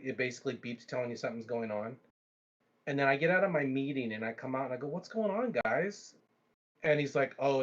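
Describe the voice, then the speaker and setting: A livestream host, a man with a mid-range voice, tells a long story in a casual, animated way, full of restarts and asides. The highs in the recording are cut off.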